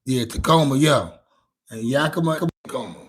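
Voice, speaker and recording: Husky-voiced Louisiana man chatting loosely. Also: medium pitch, expressive, normal speed. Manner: laid-back, rambling, profane, many restarts. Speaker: livestream host answering chat. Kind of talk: casual chat.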